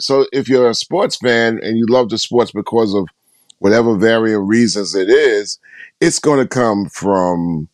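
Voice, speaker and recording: Man, 60s, lowish voice, dry close sound, emphatic guest who repeats himself for stress. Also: dry recording. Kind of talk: casual interview conversation.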